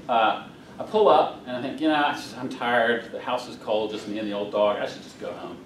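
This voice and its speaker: A man's voice: mid-range voice, a little hiss or hum. A middle-aged man from North Carolina, giving a humorous storytelling talk as a guest speaker at a club meeting. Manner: folksy, humorous storyteller, chuckles through punchlines. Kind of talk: storytelling speech. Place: meeting hall. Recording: roomy, distant room mic.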